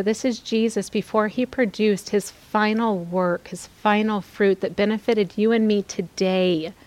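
A woman gives devotional teaching in a middle-pitched voice. She presses her points by repeating phrases and mixes in candid, confiding asides. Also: fairly even intonation, unhurried, few pauses, darkish tone. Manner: earnest, exhorting, repeats phrases for emphasis. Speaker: podcast host teaching scripture.

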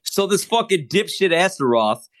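A man's voice: high voice, sing-song. A man playing a tabletop role-playing game, swearing heavily and mocking another player's character. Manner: profane, mocking, reads dice rolls slowly. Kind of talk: tabletop role-play banter.

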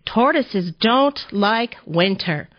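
A woman voicing a grumpy, sleepy male tortoise in a storybook reading, with a slow, grumbling, drawn-out delivery. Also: fairly low pitch, lively intonation. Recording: slightly dull audio.

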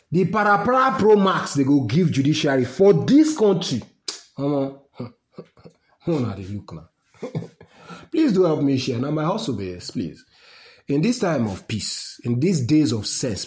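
A man's voice: mid-range voice, darkish tone. A man with a Nigerian accent, delivering a fiery, rambling political rant to his listeners. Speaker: political commentator. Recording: roomy echo.

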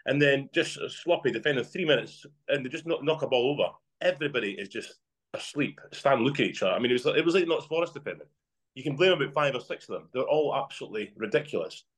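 A man co-hosting a casual football podcast, ranting and telling stories about matches. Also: mid-range voice. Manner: fast, ranting, animated storytelling. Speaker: podcast co-host.

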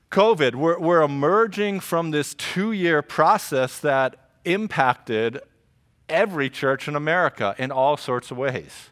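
A middle-aged man preaching a sermon to his congregation in an animated, joking, conversational way. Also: high-pitched. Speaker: pastor. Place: church service before a congregation.

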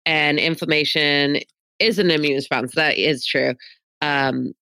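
A woman's voice: low-pitched, fairly even intonation, a little slow, pushed and bright, smooth, dry recording. A woman co-hosting a podcast, chatting casually and upbeat with lots of fillers. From Mexican heritage. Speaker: podcast co-host.

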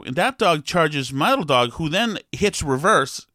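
A man's voice: fairly high pitch, animated, unhurried, sharp tone, no echo, studio quality. A middle-aged man telling a rambling, wry story in a casual monologue, exasperated and digressive.

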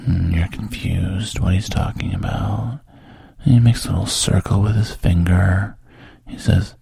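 A man telling a whispered role-play story directly to the listener, his low voice gravelly and very breathy. He speaks slowly and darkly, close to a dry mic. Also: steady tone, dry recording. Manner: second-person storytelling, soft and intimate. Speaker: narrator.

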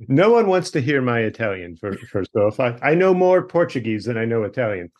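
A man's voice: medium pitch, brisk, lo-fi sound. A man from Long Island with a Long Island accent, a guest author joking his way through an interview. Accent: Long Island New York. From Long Island, New York. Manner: wry, joking, lively delivery. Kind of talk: podcast interview.

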